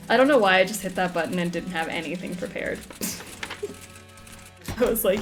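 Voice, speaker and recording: Young gal rambling over a game, giggles a lot, quiet game music behind. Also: female voice, on the low side, moderate pace, pauses often. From Southern United States. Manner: chatty, giggly, second-guesses herself. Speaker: game streamer. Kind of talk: casual let's-play commentary.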